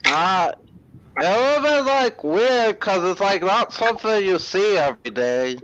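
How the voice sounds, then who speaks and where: A man in a casual stream chat, giving slow and hesitant answers. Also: high voice, sing-song, a bit bright, highs cut off, a little hiss or hum.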